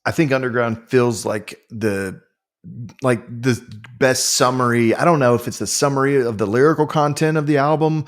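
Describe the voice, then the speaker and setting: A man's voice: medium pitch, moderate pace. A man hosting a casual music podcast, talking with enthusiasm and lots of fillers. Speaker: podcast host. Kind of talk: casual chat about music.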